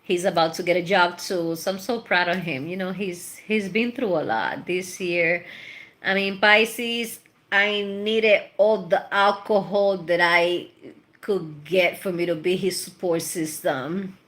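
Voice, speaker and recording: Slow-talking chatty woman, bright voice. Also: lowish voice. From Puerto Rico. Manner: chatty and rambling, with laughs and Spanish slang. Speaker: tarot reader. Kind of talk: casual chat.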